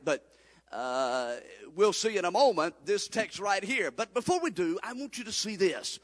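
A man, preaching a sermon as pastor, swinging from loud appeals to low confiding asides. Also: lively intonation, moderate pace, slightly rough, long reverb tail. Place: church sanctuary.

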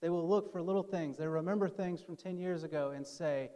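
A man's voice: fairly high pitch, steady tone, brisk, dark tone. A man preaching a conversational sermon as pastor, acting out the quoted speakers in his story. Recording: long hall reverb.

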